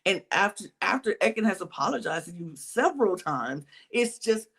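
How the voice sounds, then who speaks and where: Brief: woman podcast co-host, lively storyteller, casual recap chat. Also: medium pitch, a little fast, few pauses, husky. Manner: animated storytelling, retelling scenes.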